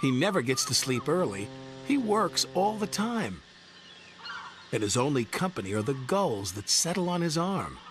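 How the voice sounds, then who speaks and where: A man narrating a children's train story in a lively read-aloud manner. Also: fairly high pitch, normal speed. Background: background music.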